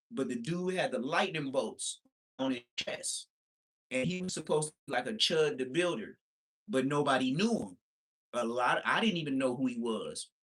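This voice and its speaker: A man live-streaming, reacting with excitement and explaining the backstory to his chat in casual talk. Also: medium pitch, husky.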